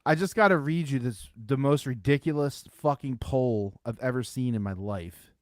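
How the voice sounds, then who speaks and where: A man's voice: mid-range voice, moderate pace, no room sound, studio quality. A man co-hosting a sports podcast, chatting casually with a Philadelphia accent, hedging and laughing easily. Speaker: podcast co-host.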